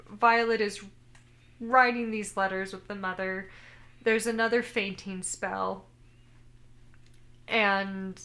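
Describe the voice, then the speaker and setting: A woman's voice: mid-range voice, sharp tone. A woman co-hosting a casual podcast, retelling anime scenes and quoting the characters in her own voice. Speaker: podcast co-host. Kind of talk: casual chat recapping an anime.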